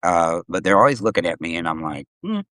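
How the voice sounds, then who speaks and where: A middle-aged man spinning stories on a live video call, his pitch leaping up and down as he acts out each scene. He swears freely and talks casually, his voice sounding close and dry with no room around it. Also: a little fast, no echo. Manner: animated, profane storyteller acting out quotes. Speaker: live stream host. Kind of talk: casual storytelling chat.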